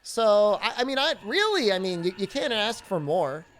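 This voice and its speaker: At a moderate pace and in a mid-range voice, a woman plays a video game on a live stream and banters with her viewers. She jokes around, answers chat messages aloud, and keeps the mood lively.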